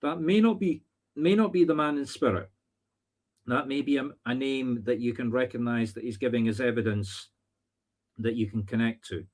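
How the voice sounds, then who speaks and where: Scottish man, spiritual medium, live-streamed readings, thinks aloud, jokey asides, mid-pitched voice. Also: moderate pace, darkish tone. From Scotland.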